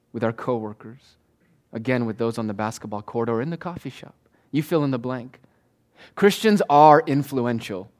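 A man preaching a sermon to his church in an emphatic, rhythmic way, repeating key phrases and slowing down to stress words. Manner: swings between soft low asides and loud raised declarations. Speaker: pastor.

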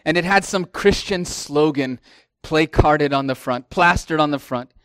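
A middle-aged man preaching a sermon as pastor, swelling into emphatic lines and then dropping to hushed asides. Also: on the high side, unhurried, clear, resonant tone, no echo, clean studio sound.

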